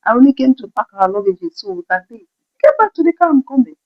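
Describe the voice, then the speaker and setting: A woman's voice: mid-range voice, fast talker, lo-fi sound, pitched above the performer's own voice, close to an everyday voice. A woman voicing a distressed, angry mother, crying as she speaks.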